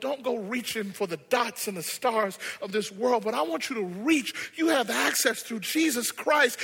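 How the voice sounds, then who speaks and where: Preacher, male, high and sharp voice, dramatic storyteller, long hall reverb. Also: husky. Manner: dramatic, swinging from hushed to shouted. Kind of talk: sermon with storytelling.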